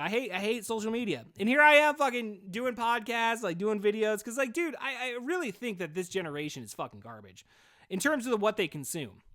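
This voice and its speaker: A man's voice: high-pitched, bright, forceful tone. A man hosting a solo podcast in a rambling, casual monologue, swearing constantly and saying "dude" a lot. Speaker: podcast host.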